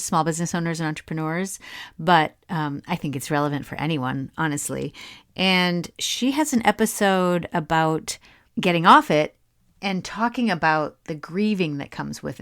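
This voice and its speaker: A woman's voice: on the low side, clear, resonant tone. A woman hosting a solo podcast, musing aloud in a chatty, reflective way with casual asides and small laughs. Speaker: podcast host.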